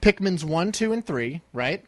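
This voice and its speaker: A young man co-hosting a podcast, chatting casually and playfully, cracking jokes and clearing his throat now and then. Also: a little high, lively intonation, unhurried, dry recording. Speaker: podcast co-host.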